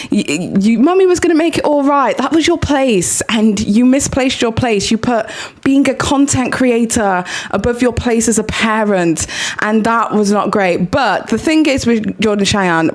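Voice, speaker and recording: A woman hosts a casual commentary video in a mid-range voice. She chats loosely, with frequent fillers and restarts. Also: mid-range voice. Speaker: commentary channel host.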